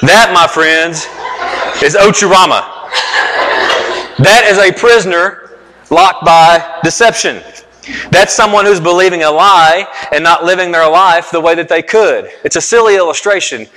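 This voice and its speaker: Middle-aged male pastor, sermon delivery, earnest storyteller, slightly high voice with long hall reverb. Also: unhurried, sharp tone. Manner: earnest storytelling preacher, repeats phrases for emphasis.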